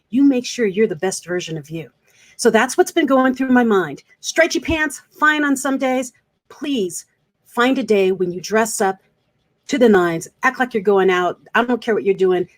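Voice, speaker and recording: Earnest woman coaching on camera. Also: mid-range voice. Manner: earnest, coaching, repeats points for emphasis. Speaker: speaker coach. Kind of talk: direct-to-camera advice vlog.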